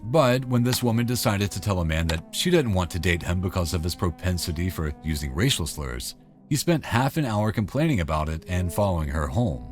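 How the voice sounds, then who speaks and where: A man's voice: sits low, very animated, a little fast, faint music behind. A man giving wry, conversational scripted narration.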